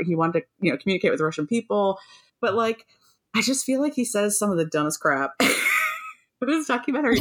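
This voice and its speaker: A woman co-hosting a podcast, chatting casually, often laughing and swearing as she tells a story. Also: on the low side. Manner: lively, laughing often, profane. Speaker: podcast co-host. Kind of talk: casual chat.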